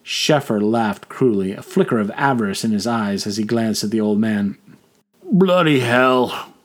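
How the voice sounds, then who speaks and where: A man's voice: lowish voice, steady tone, moderate pace. A man reading scripted fantasy story narration, voicing all the characters himself.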